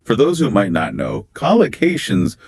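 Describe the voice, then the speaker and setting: A man with a very deep, husky voice co-hosts a scripted English exam lesson. He explains phrases and pronunciation emphatically. The sound is close and dry. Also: wildly swooping pitch, normal speed, a little mellow, no room sound. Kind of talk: scripted two-host lesson dialogue.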